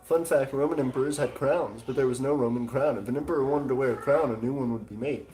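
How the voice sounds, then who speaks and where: A man's voice: mid-range voice, quick pace, mellow, low-quality recording. A man hosting a livestream who reads out viewer comments and rambles through questions, full of "uh" fillers. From Texas. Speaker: host of a micronation livestream. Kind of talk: casual livestream chat reading comments.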